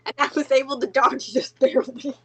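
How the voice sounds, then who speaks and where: A woman taking part in a tabletop game, with a somewhat high pitch. She speaks in a matter-of-fact way, quick to correct what others remember. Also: fairly even intonation, a bit bright, slight background noise. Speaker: player. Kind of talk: casual tabletop play.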